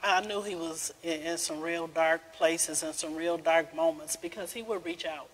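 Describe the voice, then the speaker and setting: A woman, the mother of another guest, talking in an interview with halting restarts. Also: low voice, big-room sound, slight background noise, rough recording. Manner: halting, repeats words as she starts. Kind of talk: interview talk.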